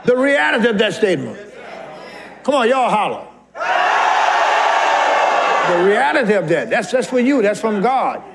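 A fervent male preacher with a high, ringing voice, shouting scripture and urging his congregation on. A live church crowd is clearly heard behind him. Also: big pitch swings, moderate pace, pauses often, very noisy. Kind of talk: sermon.

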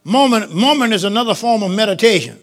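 A man preaching a lively call-and-response sermon to a congregation, shouting some lines and dropping others to a low murmur. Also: fast. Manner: sings out phrases, shouts and drops to low murmurs, laughs with the congregation. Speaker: pastor.

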